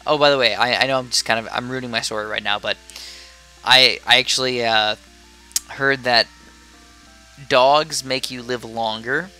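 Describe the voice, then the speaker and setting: A man's voice: mid-range voice, fairly even intonation, moderate pace, pauses often, bright, forceful tone, faint music behind. A sleepy young man giving casual, rambling commentary while playing a game, drifting off topic into chatty asides. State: sleepy, yawning. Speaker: gameplay commentator.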